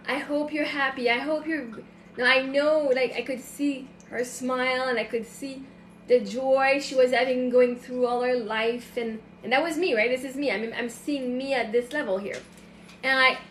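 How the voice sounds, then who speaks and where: A woman with a high voice chats on a late-night phone livestream. Her talk rambles emotionally through fillers and restarts. The room is echoey, with faint noise behind her. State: tearful at times. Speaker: livestream host.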